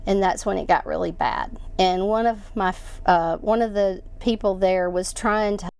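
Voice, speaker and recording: A woman speaks as an interview guest, recounting a personal story. She sounds halting and emotional, often restarting her sentences in a medium-pitched voice. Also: fairly even intonation, vocal fry, a little mellow, clear, resonant tone, no echo.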